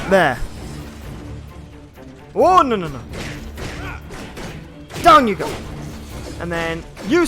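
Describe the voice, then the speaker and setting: A young man streaming a video game, chatting casually and excitably with lots of filler words as he plays. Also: high-pitched. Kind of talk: live gameplay commentary. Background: faint game music.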